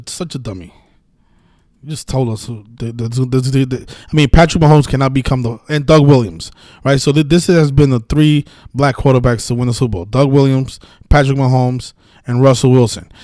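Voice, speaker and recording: A man's voice: mid-range voice, a little fast, a little mellow, no echo. Man ranting profanely on a stream. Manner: profane, heated and rambling, with many restarts. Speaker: sports betting video host. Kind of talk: casual live-stream rant.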